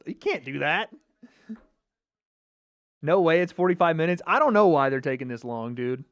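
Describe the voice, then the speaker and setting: A man's voice: sits high, lively intonation, normal speed, a bit bright, no echo. A man hosting a casual livestream watch party, chatting and reacting to viewer comments. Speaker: livestream host.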